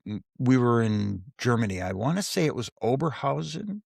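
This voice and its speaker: Recorded in studio quality with no room sound, a former wrestling referee recounts backstage anecdotes during an interview. His mid-range voice is very animated, creaky, husky and darkish, at a moderate pace, and he performs the dialogue he quotes.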